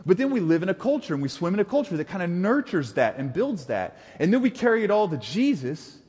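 Animated preacher in a reverberant hall. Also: male voice, sits high, fast talker, breathy edge. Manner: animated, playful asides and mimicked voices. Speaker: pastor. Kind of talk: sermon.

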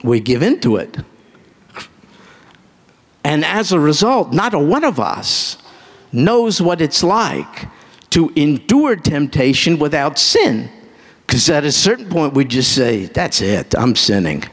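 A man preaching a live sermon to a congregation, emphatic, asking them direct questions and breaking into sudden high exclamations. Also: sing-song, slow pace, long pauses. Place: church hall with a congregation. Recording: reverberant hall sound.

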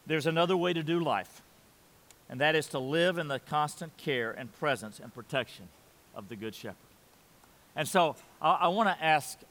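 A man's voice: on the high side, lively intonation, normal speed, a bit bright. Earnest older man preaching in a hall. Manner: earnest, repeats phrases, leads congregation in saying lines aloud. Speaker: pastor. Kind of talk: sermon.

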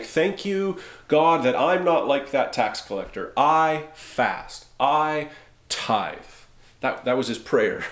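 A man preaching a sermon as pastor, conversational and wry, slowing down for emphasis. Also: medium pitch, echoey room. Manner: conversational, wry, with dramatic slowdowns. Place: church sanctuary.

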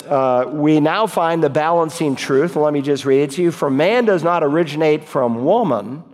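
A man with a fairly high voice delivers an expository sermon, reading verses and unpacking them. His voice rings through a church sanctuary with a long, lingering reverb. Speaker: pastor.

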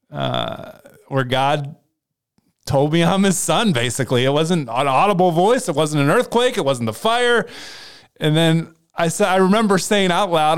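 A man shares a spiritual story in an earnest, conversational way, often restarting his phrases. His voice sits a touch high and sounds smooth and clear. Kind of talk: casual faith conversation.

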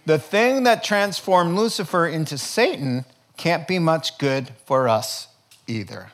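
A man preaching a sermon in an animated, joking way. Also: a little high. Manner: animated, joking preacher, rapid lively delivery. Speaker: pastor.

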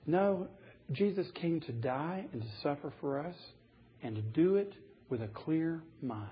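A man's voice: on the high side, lively intonation, unhurried, lo-fi sound, a little hiss or hum. A man preaching a sermon, earnest and rising to emphatic passages as he reads scripture aloud. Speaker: pastor.

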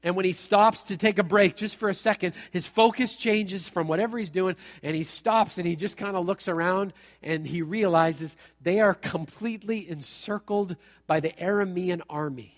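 A male pastor preaching a sermon in a lively, conversational way with playful asides. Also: high-pitched, moderate pace. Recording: long hall reverb.

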